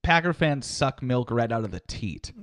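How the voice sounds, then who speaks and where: A man's voice: mid-range voice, animated, moderate pace, a bit bright, no room sound. A man co-hosting a casual chat, teasing and needling his partner. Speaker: podcast co-host.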